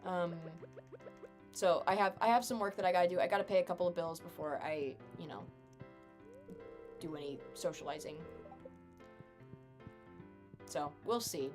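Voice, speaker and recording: A woman's voice: fairly low pitch, fairly even intonation, moderate pace, pauses often, over music. A young adult woman chatting casually with her live stream chat while gaming, sarcastic and chatty.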